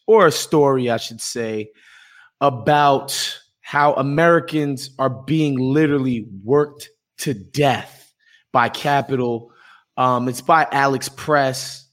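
A man hosting a podcast with casual political commentary, talking in an animated, sarcastic way. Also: fairly high pitch. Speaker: podcast host.

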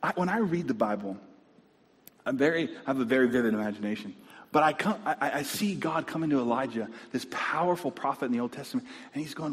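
A male pastor preaching a sermon, animated and calling out to his congregation. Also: mid-range voice, fast. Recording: long reverb in a church hall.

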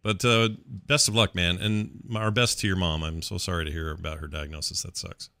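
A man's voice: low-pitched, steady tone, a little fast, creaky, bright, forceful tone. A man co-hosting a podcast in casual chat, talking in a rambling way with lots of hand gestures. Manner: rambling and gesturing with his hands. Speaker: podcast co-host.

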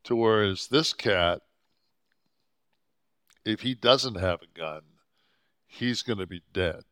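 A man co-hosting a podcast into a studio mic, with a deep voice, rambling and cursing often as he chats casually. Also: slow, fairly bright tone, clean tone, no echo. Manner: rambling, swears often, restarts a lot. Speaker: podcast co-host. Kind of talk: casual profane chat. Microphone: podcast microphone.

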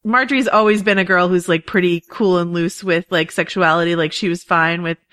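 Woman podcast co-host, lowish voice, dry close sound, chatty, laughs a lot. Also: fairly even intonation, fairly quick, a bit bright, no echo. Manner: chatty and enthusiastic, laughs often. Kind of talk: casual podcast chat.

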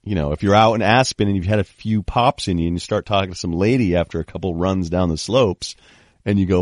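This podcast host has a deep voice and talks fast, telling sports stories with lively energy and acting out everyone he quotes. The recording is dry and studio-clean.

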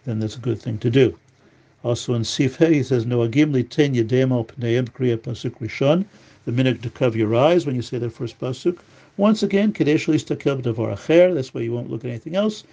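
A man's voice: mid-range voice, creaky, mellow, lo-fi sound. A man teaching a religious law lesson, reading each line of Hebrew aloud and then explaining it in English. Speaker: Torah teacher.

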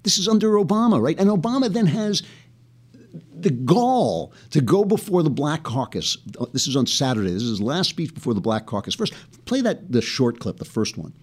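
A man's voice: on the high side, big pitch swings, normal speed, slightly rough. A man hosting a political commentary podcast, talking in a sarcastic way with laughing asides. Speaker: podcast host.

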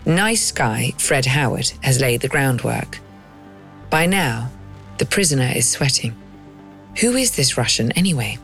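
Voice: mid-range voice, very animated, measured pace, a bit bright, faint music behind. A documentary narrator reading a scripted story with dramatic pacing and rhetorical questions.

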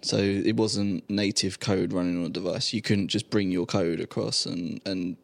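A man joining a tech podcast as guest, talking in a measured, slightly halting way. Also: deep voice, fairly even intonation, creaky, dry recording. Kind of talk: casual chat.

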